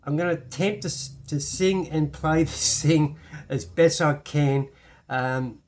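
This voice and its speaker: A man's voice: a little high, measured pace, darkish tone, slight background noise. Chatty Irish man teaching piano. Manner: chatty, self-deprecating, many restarts. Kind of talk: casual piano lesson. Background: piano playing.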